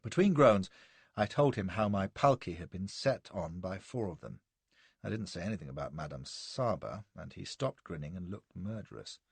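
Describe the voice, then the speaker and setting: A man narrating a first-person period novel in a wry, expressive storytelling manner. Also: sits low, moderate pace, gravelly, slightly rough, no echo. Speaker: audiobook narrator.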